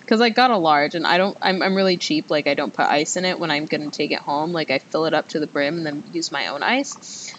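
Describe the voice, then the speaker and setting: A woman's voice: brisk, fairly bright tone. A young woman hosting a podcast, telling a story in a rambling, chatty way with many fillers and self-mocking asides. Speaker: podcast host. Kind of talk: casual storytelling monologue. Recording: faint background noise with low rumble.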